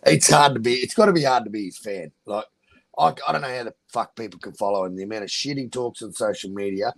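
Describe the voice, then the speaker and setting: A man's voice: fairly low pitch, fast, gravelly, crowd noise. A man in a casual chat, heated and indignant, swearing freely.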